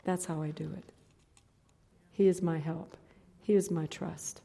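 A woman in her sixties preaching a sermon, telling stories with stammering restarts and swinging from loud exhortation to hushed recollection. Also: low-pitched, fairly even intonation, measured pace, gravelly, in a large hall. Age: 60s. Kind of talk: sermon with storytelling.

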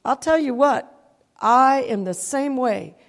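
A woman's voice: high voice, slow, big-room sound. A woman preaching a sermon, emotional and heartfelt, often calling out "Amen?" to the congregation. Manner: emotional, calls out "Amen?" to the crowd.

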